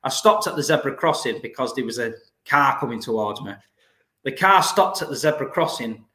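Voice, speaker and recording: A man's voice: medium pitch, lively intonation, a little fast, pushed and bright. A man hosting a casual chat, telling stories in a chatty, playful way. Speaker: host. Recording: echoey room.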